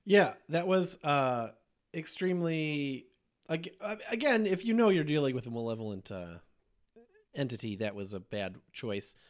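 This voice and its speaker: A podcast host in casual conversation, his voice sitting a little higher than most men's. He retells movie scenes with frequent laughter. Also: sing-song, moderate pace. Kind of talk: casual movie review chat.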